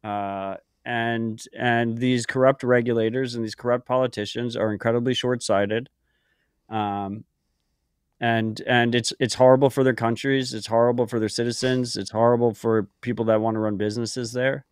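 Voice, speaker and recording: A man's voice: mid-range voice, level tone, moderate pace, clean tone, no echo, clean studio sound. A man co-hosting a podcast in casual chat, talking in a profane, rambling way full of fillers like "like" and "um". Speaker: podcast co-host.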